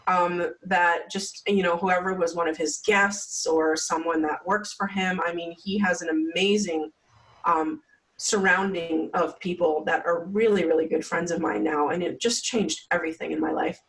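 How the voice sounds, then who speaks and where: A woman's voice: on the low side, fairly even intonation, normal speed, far from the mic, low-quality recording. A woman guest telling her story in a casual interview, chatty and full of "like" fillers. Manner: chatty, many "like" fillers, acts out quotes. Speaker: podcast guest.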